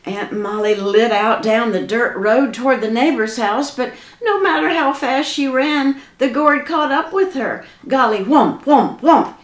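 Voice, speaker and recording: A woman telling a folk tale in a lively, dramatic, folksy way. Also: fairly high pitch, unhurried, few pauses. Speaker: storyteller. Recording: echoey room.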